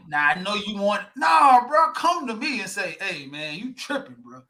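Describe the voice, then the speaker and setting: A man's voice: very high-pitched, moderate pace, few pauses. A man co-hosting a casual podcast chat, talking bluntly with plenty of swearing and acting out quotes in other voices. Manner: animated, blunt, swears freely, acts out quotes. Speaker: podcast co-host.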